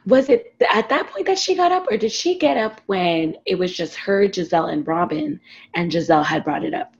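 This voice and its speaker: Expressive woman, dull lo-fi sound. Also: brisk. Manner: expressive, jumps high in pitch when excited. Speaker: podcast co-host. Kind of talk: casual chat.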